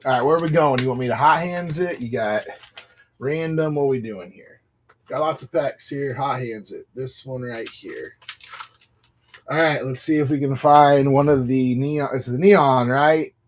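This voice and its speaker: A livestream card seller hosts a live card sale in a medium-pitched voice at a moderate pace, with a little hiss or hum. He chats casually and upbeat, apologizing and talking through pack openings.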